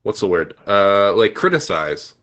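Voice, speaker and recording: A man's voice: lowish voice, very animated, a little slow, fairly bright tone, lo-fi sound. A Canadian man co-hosting a podcast from home, talking casually with lots of fillers and hesitations. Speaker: podcast co-host. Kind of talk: casual chat. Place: home room.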